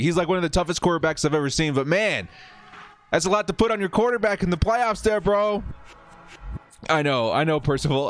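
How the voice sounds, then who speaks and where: Male streamer, lively sing-song delivery, slightly high voice, faint music underneath. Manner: excitable, laughs often, chatty with viewers. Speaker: livestream host. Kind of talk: casual live watch-party chat.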